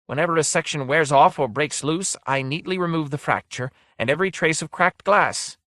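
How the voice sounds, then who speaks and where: A man's voice: on the high side, moderate pace, a bit bright, dry recording, studio quality, voice pushed up, lightly acted. A man reading aloud, voicing an anxious male servant who protests fussily about his machine. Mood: pleading. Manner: protesting, fussy.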